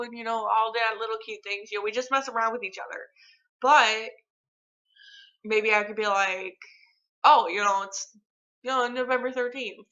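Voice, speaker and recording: A young woman talks to her phone camera at home in a bright, sharp voice, wandering from thought to thought with plenty of fillers. The sound is dull and lo-fi, like cheap phone audio. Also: mid-range voice. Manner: rambling, chatty, lots of filler words. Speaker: vlogger. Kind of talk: casual chat to camera.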